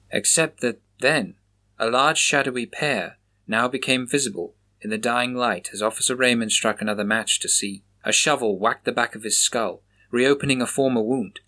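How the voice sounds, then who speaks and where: A man reading a horror story aloud in a measured, grave manner. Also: mid-range voice, bright, forceful tone. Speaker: narrator.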